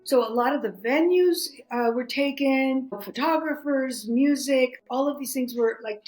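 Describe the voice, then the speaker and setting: A middle-aged woman, a podcast guest, telling a personal story in animated casual talk. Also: sits high, measured pace, faint music behind, rough recording. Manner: animated, chatty, acts out quoted voices.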